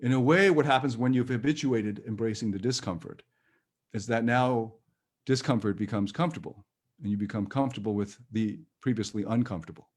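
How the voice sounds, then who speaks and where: A man leading a live-streamed personal growth workshop, talking in a gentle, reassuring and chatty way with light laughs. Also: medium pitch, brisk.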